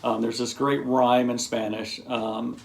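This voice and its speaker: Slow gravelly man, rambling. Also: medium pitch, level tone. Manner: rambling, unhurried, full of ums and asides; explaining, teacherly. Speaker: video blogger. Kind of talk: casual talk to camera.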